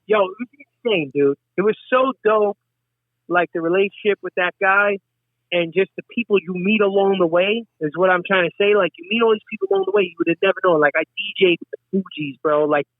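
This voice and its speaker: Speaking high and fairly quickly, a middle-aged man, a hip hop artist from Westchester, New York, swaps stories as a guest in a laid-back conversation. He curses a lot, stays animated, and performs the quotes he recounts. The audio is dry and tinny, much like a phone line.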